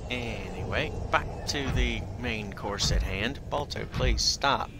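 Man chatting over loud background noise. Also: medium pitch. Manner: chatty, talks fondly to his cat, swears freely. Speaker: gaming video creator. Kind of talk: casual gameplay commentary.

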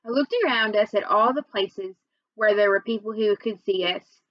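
A woman reading a children's novel aloud, with expressive first-person storytelling. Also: medium pitch, normal speed, no echo, dull audio. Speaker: reader.

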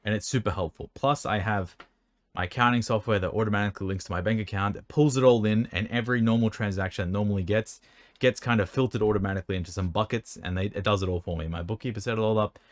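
Sitting indoors near an air conditioner, a man with a lowish voice talks fast in a recording with no room sound. He answers viewer questions about selling cards in casual chat, rambling and stumbling over words, his mouth dry as he hiccups.

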